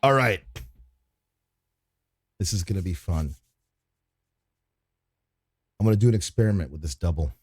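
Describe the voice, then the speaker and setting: A man with a fairly low voice teaches a mixing session on a livestream. He talks in a loose, relaxed way, swearing freely and thinking out loud as he works. His voice sounds close and dry, with almost no room around it. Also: measured pace, long pauses, breathy edge, dry recording, faint music behind. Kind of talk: casual livestream tutorial.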